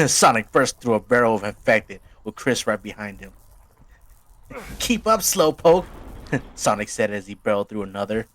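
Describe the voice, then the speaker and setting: A man's voice: lowish voice, fairly even intonation, fairly quick, hardly any pauses, fairly bright tone. Giggly young man rambling through a story. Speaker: host. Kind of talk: casual gaming chat.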